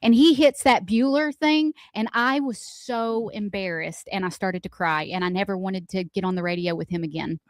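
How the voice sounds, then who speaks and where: A woman co-hosting a radio morning show, telling everyday stories in a chatty, animated, self-deprecating way. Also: mid-range voice, moderate pace, few pauses, no room sound, clean studio sound. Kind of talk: casual storytelling chat.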